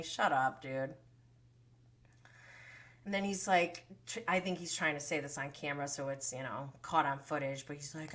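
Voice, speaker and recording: A woman hosts a casual livestream recapping reality TV, animated and gushing, with frequent laughter and casual swearing. Her voice is on the low side, and she speaks slowly.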